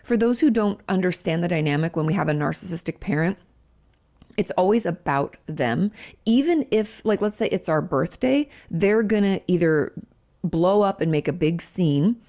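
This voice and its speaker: A woman commenting for viewers and explaining in a casual, plain-spoken way. Her voice sits fairly low and she checks in with the audience as she goes. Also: animated, moderate pace, mellow. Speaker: commentator on family dynamics.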